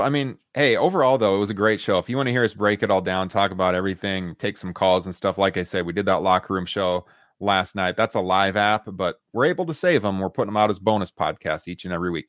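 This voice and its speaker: Man, podcast host, lowish voice, dry close sound, steady, fact-heavy recap. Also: no echo. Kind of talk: casual news recap.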